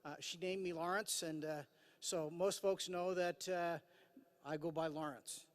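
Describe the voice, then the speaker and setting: A man in his fifties from Idaho, USA, delivers a formal commencement address at a podium microphone, speaking earnestly with dry self-deprecating humor and many "uh" fillers. His voice is a little high, steady and measured, with long hall reverb.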